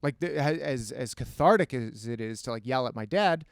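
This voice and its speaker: A male comedian chatting as a podcast guest, telling animated stories and slipping into acted voices. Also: mid-range voice, normal speed, dry recording, clean studio sound. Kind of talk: casual podcast conversation.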